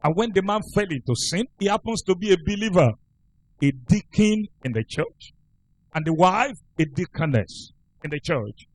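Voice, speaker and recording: A man's voice: sits high, expressive, normal speed, dry recording, poor audio. A male pastor preaching a sermon, telling a story with emphatic delivery.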